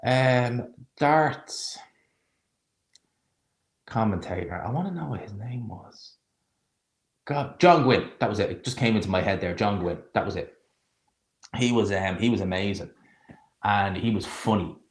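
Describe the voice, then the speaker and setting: A man's voice: fairly low pitch, a little slow, long pauses. A man streaming a live watch-along, chatting casually and sarcastically, rambling and stopping to search for names. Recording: roomy echo.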